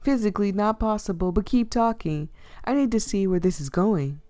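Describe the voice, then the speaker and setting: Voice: mid-range voice, normal speed, warm tone, voice pushed up, lightly acted. A woman voicing a cheeky, pun-loving boat companion in a visual novel, with a bouncy and teasing delivery in a raised voice.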